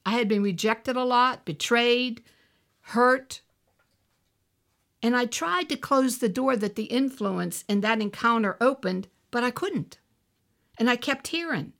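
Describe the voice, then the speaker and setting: A woman shares a personal testimony in sermon form. Her voice sits a little high, with a gravelly fry running through it. She tells the story earnestly and acts out the voices of the people in it. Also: unhurried, a bit bright. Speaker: minister.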